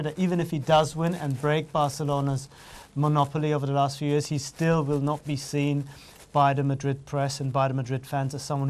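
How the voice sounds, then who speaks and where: A man speaking as a football pundit on a studio panel, laying out his points in a measured, analytical way. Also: fairly high pitch.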